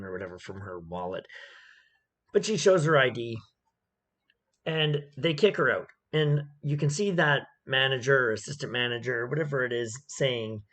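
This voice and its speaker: A man's voice: medium pitch, expressive, normal speed, fairly bright tone. A man giving opinionated commentary on a video clip, emphatic and repetitive, often checking in with "okay?".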